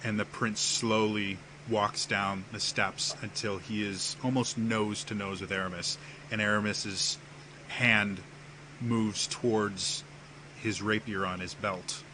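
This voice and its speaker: A man narrating a tabletop game as game master, slow and hesitant with many fillers. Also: fairly low pitch, steady tone, pushed and bright, slight background noise.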